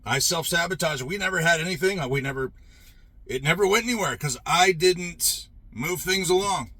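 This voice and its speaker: In a high, somewhat bright voice with a breathy edge, a middle-aged man rambles through a personal story. His casual monologue is profane and emphatic, full of frequent restarts.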